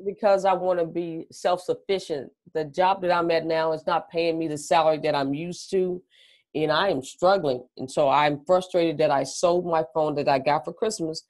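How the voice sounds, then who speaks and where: A woman's voice: sits low, fairly even intonation, normal speed, darkish tone. A woman on a coaching call, earnest and agreeable, often answering in short replies. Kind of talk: casual chat on a call.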